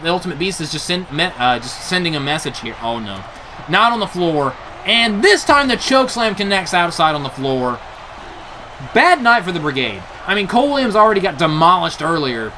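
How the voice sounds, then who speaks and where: A young man calls a wrestling match play-by-play, his high, bright voice leaping up and down in pitch. He reacts with frequent gasps and laughs. Faint noise sits under the recording. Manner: animated, gasping "oh no" reactions, laughs often. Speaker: play-by-play commentator for a video game wrestling show. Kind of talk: excited play-by-play commentary.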